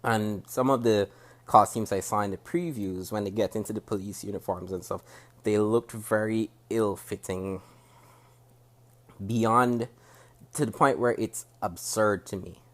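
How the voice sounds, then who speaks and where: A man with a Jamaican accent, speaking to camera as he reviews a TV show. He talks in a critical, measured way and often restarts his sentences as he thinks aloud. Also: fairly low pitch, steady tone. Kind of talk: casual spoken review to camera. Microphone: camera facing the speaker.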